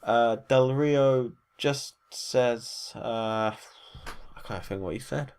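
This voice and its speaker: A man's voice: medium pitch, very slow, darkish tone, clear, resonant tone. A man giving a casual, rambling recap of wrestling matches, full of fillers and self-corrections. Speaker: wrestling show reviewer.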